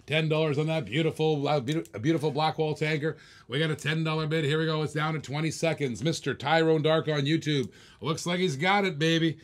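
A man hosting a live online auction, chanting bids in a hyped, repetitive patter and calling viewers baby. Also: on the high side. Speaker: live stream auction host.

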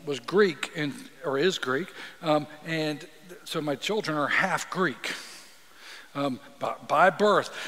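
A male pastor preaching a sermon in a relaxed, conversational way, with frequent restarts and repeated words. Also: on the high side. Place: church sanctuary. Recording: long reverb of a church sanctuary.

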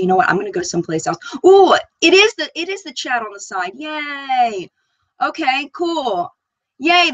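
Casting: excitable woman streamer, chatty, close dry mic. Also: mid-range voice, no echo, highs cut off. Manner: bubbly, chatty, reads viewer comments aloud. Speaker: beauty channel host. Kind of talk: live chat stream.

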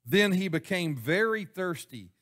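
A man's voice: high voice, expressive, unhurried, fairly bright tone. Folksy preacher man. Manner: folksy, chuckling, asks the congregation questions. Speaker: pastor. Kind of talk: sermon. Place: church sanctuary.

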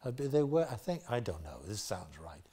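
On a theatre stage, an older Liverpool man tells lively anecdotes as a guest storyteller, tossing in plenty of asides to the audience. His voice is fairly low, mellow, warm and husky, and his animated delivery moves fairly quickly.

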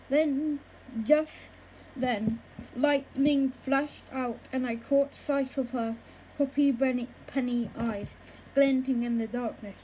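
A woman reading a children's book aloud in a slow, careful way, with occasional small stumbles over words. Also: sits high, steady tone, mellow, a little hiss or hum, rough recording. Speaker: storybook reader.

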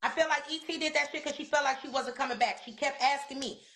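A woman's voice: sits high, fast, fairly bright tone. A woman, a reality TV cast member, venting in a casual interview. She is heated, swears a lot and repeats words for emphasis.

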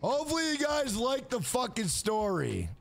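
A man's voice: extremely high pitch, wildly swooping pitch, moderate pace, creaky, soft background music. A man live-streaming a video game, chatting casually with viewers in a rambling, profane way.

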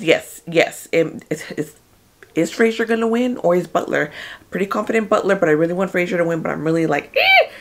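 A young woman reacting to an awards show in a casual, chatty, excitable vlog. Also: on the low side. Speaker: movie vlogger.

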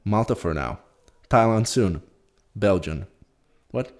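A man's voice: fairly low pitch, expressive, slow pace. A young man co-hosting a podcast, chatting casually and reading out dating profiles with a mocking, profane tone. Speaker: podcast co-host. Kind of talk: casual chat.

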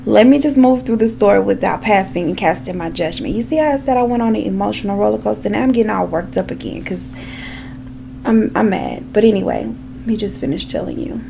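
A woman's voice: mid-range voice, sing-song, brisk, vocal fry, warm tone, slight background noise. A woman telling a true crime story in a casual, chatty way, with frequent asides to her viewers. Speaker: true crime makeup vlogger.

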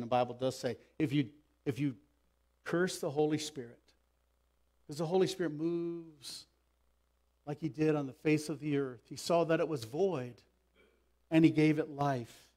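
Male pastor, fairly high voice, passionate sermon delivery with loud emphasis and quiet asides. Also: unhurried, pauses often. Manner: acts out quoted speech with raised pitch. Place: church sanctuary.

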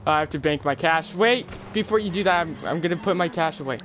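Fast-repeating male game streamer. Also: on the high side, fairly bright tone, a little hiss or hum. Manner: repeats himself quickly. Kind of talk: casual gameplay chat. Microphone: gaming headset.

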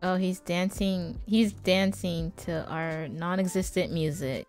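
A woman chatting casually as she comments on her own gameplay, playful and prone to sudden loud exclamations. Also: lowish voice, takes it slowly, few pauses, soft background music. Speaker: gaming YouTuber.

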